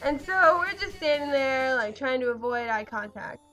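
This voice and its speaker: A woman's voice: high-pitched, expressive, moderate pace, pushed and bright, soft background music. A teenage girl telling a story to her vlog audience in a bubbly, giggly way, full of ums and likes. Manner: bubbly, giggly, lots of fillers like um and like. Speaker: vlogger. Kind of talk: casual storytime chat.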